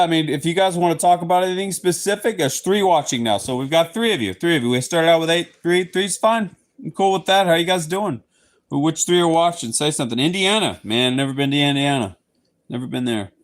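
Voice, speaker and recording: A man from Southeast Texas with a Texan accent, chatting casually with viewers on his livestream, playful and slipping into goofy voices. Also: a little high. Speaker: livestream host. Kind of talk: casual live chat with viewers.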